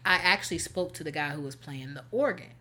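Animated woman telling a story, slangy. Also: deep voice, fast talker. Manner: animated, slangy, acts out quotes. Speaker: podcast co-host. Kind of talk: casual storytelling chat.

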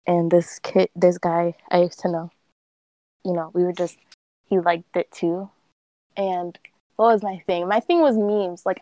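A young woman co-hosting a casual chat with friends, telling stories with lots of fillers and excited restarts. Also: lowish voice. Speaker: podcast co-host.

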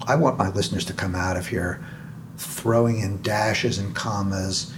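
Low-voiced male podcast host. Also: steady tone, noisy background. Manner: measured, inquisitive, halting restarts. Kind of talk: interview podcast.

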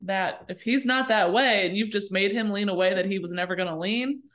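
A woman's voice: mid-range voice, brisk, fairly bright tone. A woman co-hosting a casual chat, reacting with questions, guesses and jokes. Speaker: podcast co-host hearing the book.

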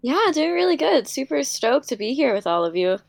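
A woman's voice: sits high, sing-song, normal speed, gravelly, dry recording. A woman guest on a live stream, upbeat and friendly, giggling as she chats about her work. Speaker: guest game developer. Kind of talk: casual interview chat.

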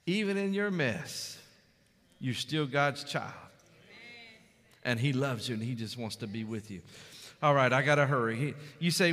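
Bright high-voiced pastor in a big hall. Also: male voice, lively intonation, normal speed, long pauses. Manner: emphatic, builds to loud climaxes, asks the crowd "amen?". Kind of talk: sermon. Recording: long hall reverb.

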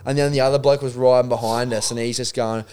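A man's voice: medium pitch, fairly even intonation, quick pace, a loud crowd. A young Australian man telling a rambling, sweary story in a casual podcast chat, acting out the voices of other people.

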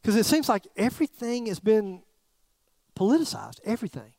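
A middle-aged man preaching a sermon as pastor, in a chatty, joking way with pauses and repeated phrases. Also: high-pitched, huge pitch swings, vocal fry, dark tone, no room sound.

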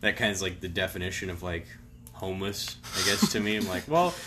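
A man's voice: sits low, level tone, fast, noisy background. A young man co-hosting a casual podcast, telling rambling stories, swearing freely and laughing often. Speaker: podcast co-host. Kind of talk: casual chat.

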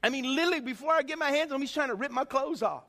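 A man preaching a sermon, telling stories excitedly and swinging from soft talk to shouts. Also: very high voice, racing, a little hiss or hum. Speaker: pastor.

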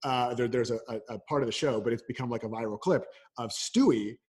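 A man with a husky, medium-pitched voice speaks briskly as a coach being interviewed on a podcast. During the casual conversation he tells lively stories, acting out the voices of the people in small exchanges.

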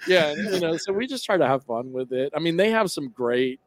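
A man's voice: a little high, animated, fairly quick. A man talking casually as a podcast guest, rambling with lots of fillers and restarts.

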